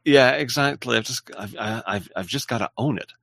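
A man hosting a casual livestream, reading viewer messages aloud in a halting, apologetic way. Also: medium pitch, gravelly, a bit bright, dry recording. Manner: halting and apologetic, with frequent restarts and laughs. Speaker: livestream host.

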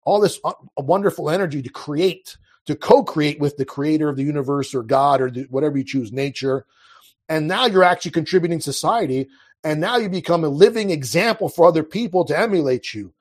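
A man's voice: on the high side, brisk, a little mellow, husky. A man speaking as a guest in a casual conversation, earnest and impassioned, often restarting his sentences. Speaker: podcast guest.

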